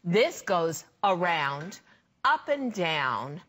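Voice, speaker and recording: An older woman, a designer and brand founder, giving an enthusiastic, emphatic home shopping sales pitch. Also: very animated, extremely slow, a bit bright.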